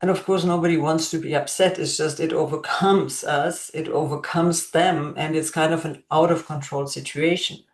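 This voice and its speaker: A woman educator giving an instructional talk to parents, speaking slowly and deliberately and gently modeling what to say to a child. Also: sits low, steady tone. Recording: echoey room.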